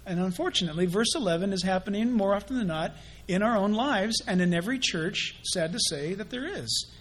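A male pastor preaching with a high, light voice. He moves between plain teaching and playful impressions of gossipers and showy prayers, always driving his point home. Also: a little fast, husky. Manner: animated, mimics gossips and pray-ers in quoted voices. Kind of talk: sermon.

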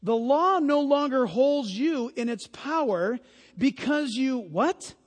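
A man preaching a sermon, animated and emphatic, building to loud peaks as he drives his points home. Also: extremely high pitch, takes it slowly. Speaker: pastor. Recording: long hall reverb.

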